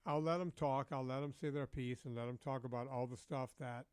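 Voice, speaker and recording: A man guesting on a podcast, talking bluntly and profanely in a lively, storytelling way. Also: mid-range voice, fairly quick, clear, resonant tone, no room sound, studio quality. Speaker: guest, fitness trainer. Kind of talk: casual podcast chat.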